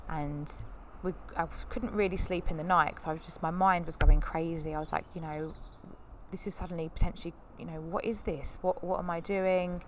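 At a moderate pace, this thirtysomething podcast host shares personal stories openly and at length, her talk rambling and sincere. Her somewhat low voice perks up when she imitates what others said, over a soft hiss of room ambience.

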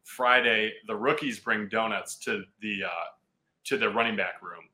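Bright-voiced man telling a story. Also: on the low side, measured pace, low-quality recording. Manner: animated, laughing often, with many restarts. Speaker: guest, football player. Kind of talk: casual storytelling on a podcast.

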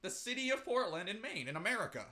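Man, podcast co-host, animated storyteller, mocking asides, bright tone. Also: high voice, fast talker. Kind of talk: casual podcast chat.

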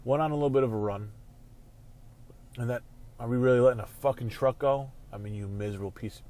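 A man hosting a casual sports talk show from his car while driving, ranting and swearing, quick to flare into angry outbursts. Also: mid-range voice, warm tone. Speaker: show host.

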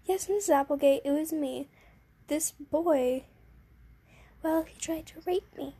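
A vain, bratty little schoolgirl, as a woman reads her lines whines with self-importance. The voice is high and carries some fry. The tone stays mellow. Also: measured pace.

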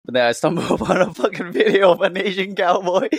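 A man's voice: sits high, animated, fast talker, vocal fry, slightly rough, dry recording. A man telling rambling stories in casual podcast chat, full of "like" fillers. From Boston area. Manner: rambling storyteller, many "like" fillers.

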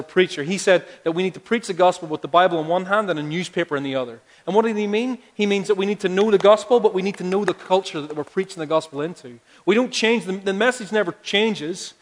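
Pastor in a reverberant hall. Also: male voice, high voice. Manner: conversational, building to emphatic appeals. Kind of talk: sermon.

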